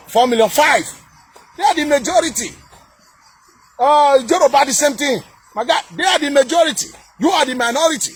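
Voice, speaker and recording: A man's voice: extremely high pitch, slightly rough. A man with a Nigerian accent in a heated political rant, scornful and repetitive, with many fillers and restarts. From southern Nigeria. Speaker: commentator reacting to a video.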